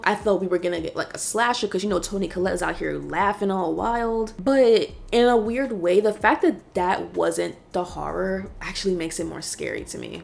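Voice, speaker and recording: Chatty reflective young woman with gravelly fry. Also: medium pitch. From New York City. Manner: chatty and reflective, with conversational fillers. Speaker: vlogger reviewing a film. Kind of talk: casual spoken review.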